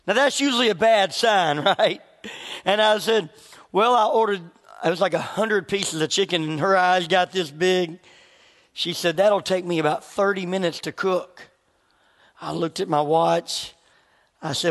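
A man's voice: sits high, a little slow, fairly bright tone. A man preaching as a pastor, telling a story in a conversational way and often asking the congregation questions. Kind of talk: sermon with storytelling. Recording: long hall reverb.

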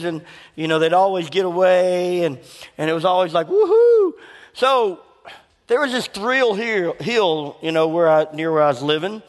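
A middle-aged man, preaching a sermon full of folksy personal stories and questions to the congregation. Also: high-pitched. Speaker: pastor. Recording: long hall reverb.

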